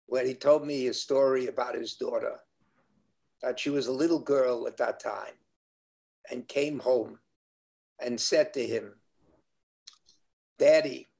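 An older man, a rabbi, answering interview questions in a measured, earnest way. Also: mid-range voice, vocal fry, a little mellow.

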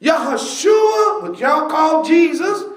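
A man preaching a sermon, telling a story with bursts of shouting and laughter. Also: extremely high pitch, animated, unhurried, reverberant.

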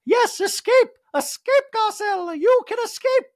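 A man putting on the voice of a gushing, high-strung woman reality star, shrill and overeager. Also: expressive, a little slow, dry recording, studio quality, exaggerated voice.

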